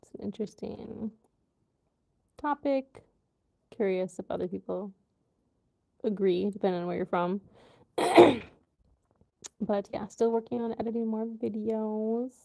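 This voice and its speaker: A woman hosting a casual livestream, chatting loosely with her viewers and filling pauses with ums and likes. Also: mid-range voice, creaky, warm tone. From USA. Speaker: livestream host. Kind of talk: casual live chat with viewers.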